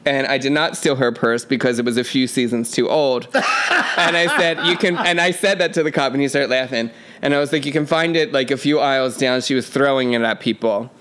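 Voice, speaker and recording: A man's voice: medium pitch, fairly quick. A man, a flight attendant and drag queen, animatedly telling stories in casual chat, laughing and acting out the people he quotes. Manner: animated, laughing storyteller who acts out quoted voices.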